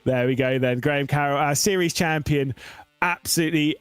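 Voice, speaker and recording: A man's voice: a little high, fairly quick, smooth, dry recording, soft background music. A man commentating live on a sim racing event. He is losing his voice and talks with lots of filler sounds. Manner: excitable, with frequent filler sounds. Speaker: race commentator. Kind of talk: live esports race commentary.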